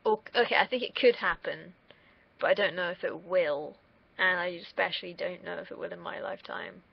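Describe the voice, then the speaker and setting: Gravelly young woman rambling. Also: lowish voice, fairly quick. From United Kingdom. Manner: rambling, candid, swears freely. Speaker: streamer. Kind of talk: casual solo livestream chat. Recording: dull lo-fi mic.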